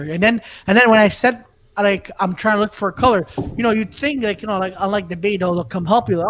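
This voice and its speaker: A man's voice: sits high, fast talker, fairly bright tone. A man co-hosting a casual podcast, rambling and mixing in French phrases. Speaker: podcast co-host.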